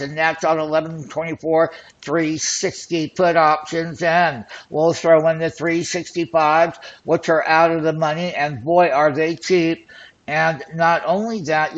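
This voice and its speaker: A man hosting an options trading show, talking excitedly and boastfully as he walks through call and put charts. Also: fairly high pitch, muffled recording. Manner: excited, boastful, hype-driven patter. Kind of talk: screen-share trading commentary.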